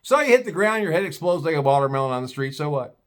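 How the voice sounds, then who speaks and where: A vlogger with a sing-song voice on the high side talks at a quick pace in a ranting storytelling monologue. His telling is blunt, profane and scornful, and he slips into put-on voices for other people.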